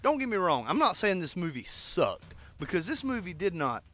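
Man, casual movie chat, animated, lively intonation. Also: sits high, moderate pace, dry recording. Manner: animated, bursts into scat sounds.

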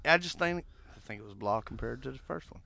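Laid-back, bright-voiced male podcast host. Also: medium pitch, expressive, fairly quick, vocal fry, dry recording. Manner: laid-back, swears casually. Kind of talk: casual podcast chat.

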